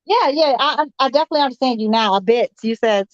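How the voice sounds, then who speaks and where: A woman co-hosting a casual chat show, loud and giggly, swearing freely. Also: on the high side, expressive, fast talker, no echo, muffled recording. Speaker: podcast co-host.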